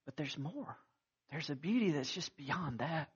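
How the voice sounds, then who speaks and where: A man's voice: fairly high pitch, animated, measured pace, husky, muffled recording. A man preaching a sermon, telling stories with acted-out quotes and frequent restarts. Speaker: pastor.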